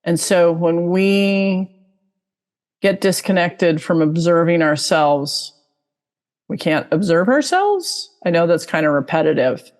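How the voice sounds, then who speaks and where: A woman's voice: lowish voice, expressive, slow, a little mellow, big-room sound. A woman giving a casual online talk as a guest expert, chatty and full of fillers, now and then acting out inner voices. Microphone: video call mic.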